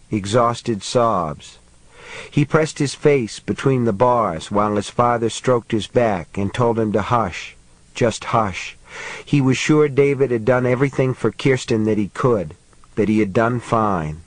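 A man reads an audiobook in a steady, measured voice at a middle pitch. The recording is dry and close, with no room sound. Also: no room sound, low-quality recording. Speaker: narrator. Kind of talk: audiobook narration.

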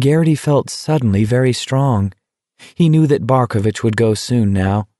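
A man reading a novel aloud as a dramatic audiobook narrator, measured and unhurried. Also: mid-range voice, animated, warm tone, no echo, clean studio sound.

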